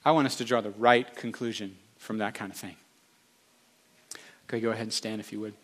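A man's voice: on the low side, steady tone, a little fast. A male pastor preaching a sermon with passion, stressing his points through repeated phrases.

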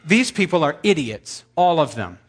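A man's voice: on the high side, very animated, normal speed. A man preaching a humorous sermon, telling stories with sarcastic asides and sudden jumps in volume.

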